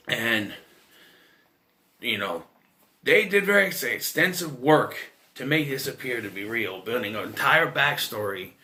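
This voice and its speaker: A movie reviewer in his thirties, medium-pitched with a sharp tone, gives a casual, rambling film review. He swears freely and often restarts his sentences.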